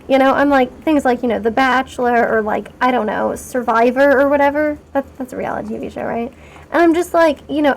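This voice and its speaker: A woman streamer with a high voice talks through her game in a loose, rambling way. She keeps poking fun at herself and gets excited easily. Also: brisk. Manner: rambling and chatty, talking to chat while playing; self-mocking and excitable. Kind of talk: casual live-stream commentary.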